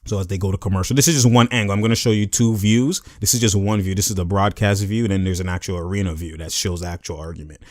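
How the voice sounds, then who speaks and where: With a low-pitched, darkish voice and fairly even intonation, a man hosts his own YouTube channel, giving casual sports commentary over a game clip. He's loose and slangy, repeats filler phrases, and acts out players' lines in quick put-on voices now and then. The recording is studio quality, with no room sound.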